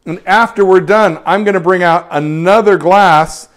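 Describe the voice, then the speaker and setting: A man's voice: sits high, moderate pace, fairly bright tone. A man hosting a live photography stream, chatting cheerfully while he works through a demo and praising each shot. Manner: upbeat and chatty, lots of praise words.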